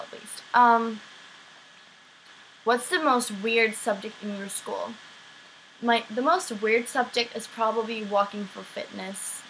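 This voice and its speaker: Her voice is medium-pitched, pushed and bright: a teenage girl from Sweden with a light Swedish accent who vlogs as an exchange student. She chats casually through viewer questions, filling her sentences with "um" and "like." The audio is poor, with a little hiss or hum.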